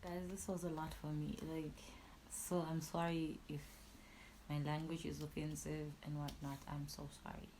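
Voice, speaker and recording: A young woman telling a painful personal story in a raw, emotional way, her voice swinging from hushed to loud. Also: low voice, little pitch movement, moderate pace, slight background noise, poor audio. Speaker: YouTuber.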